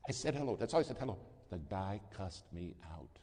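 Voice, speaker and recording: A man preaching a sermon as a folksy, animated storyteller who acts out the dialogue. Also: low voice, moderate pace, very noisy. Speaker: pastor. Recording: long reverb of a large hall.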